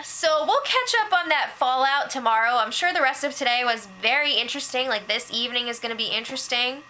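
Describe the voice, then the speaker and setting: A woman's voice: sits high, animated, bright, forceful tone, slight background noise, poor audio. A young woman hosting a casual recap vlog, chatty and gossipy, quoting others as she goes. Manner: chatty gossiping, quick quoted voices, fillers like "like". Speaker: show update host.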